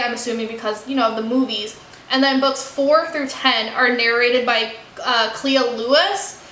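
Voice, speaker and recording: A woman's voice: sits high, bright, forceful tone, roomy sound, slight background noise. A woman from the United States chatting candidly in a casual book review vlog, with frequent "like" and "you know.". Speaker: book vlogger.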